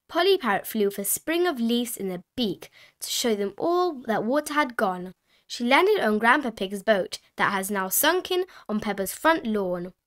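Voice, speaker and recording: A woman narrating a children's storybook aloud in an expressive, sing-song way. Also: on the high side. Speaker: storybook reader. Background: background music.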